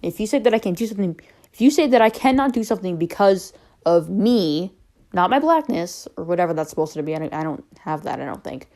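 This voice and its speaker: A young woman's fairly low, warm voice speaks unscripted to her camera. She rambles with frequent fillers and loses her thread at times, but stays candid and open about personal matters. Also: expressive, fast. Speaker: vlogger.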